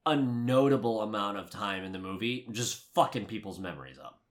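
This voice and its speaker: A man co-hosting a casual movie review podcast, ranting with lots of swearing, swinging from heated shouting to low muttering. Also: expressive, moderate pace. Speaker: podcast co-host.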